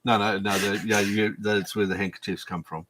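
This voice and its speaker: A man hosting a livestream panel chat, answering silly questions with deadpan, absurd jokes. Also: on the low side, moderate pace.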